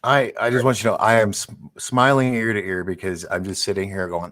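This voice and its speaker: Excitable deep-voiced man telling stories. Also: a little fast, few pauses. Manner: rambling, excitable, with many restarts. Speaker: host. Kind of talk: casual storytelling chat.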